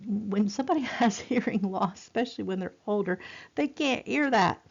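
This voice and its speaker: Gravelly-voiced woman lecturing on nursing. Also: medium pitch, animated, normal speed, a little mellow. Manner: chatty, repeats herself, many fillers. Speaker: nursing instructor. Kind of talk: recorded lecture. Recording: dull lo-fi recording.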